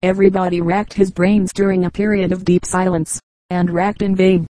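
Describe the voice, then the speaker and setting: A woman reading a collection of humorous anecdotes aloud as an audiobook narrator, in a measured, even storytelling manner. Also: fairly low pitch, no echo, rough recording. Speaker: audiobook reader.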